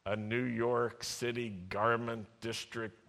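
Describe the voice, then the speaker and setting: A male pastor preaching a sermon in an animated way, acting out voices and having the congregation repeat lines after him. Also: medium pitch, slow, gravelly.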